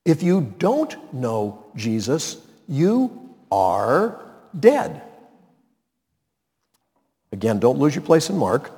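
A male pastor preaching a sermon, swinging his voice high and low and slowing down to stress key words. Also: very animated, in a large hall. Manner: dramatic swings in pitch and loudness, slows for emphasis.

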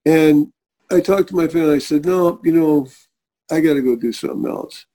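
A man's voice: fairly high pitch, a little fast. A middle-aged man, a guest on an interview show, earnestly telling a personal faith story and acting out the people he quotes. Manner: earnest, animated storyteller who acts out quoted voices.

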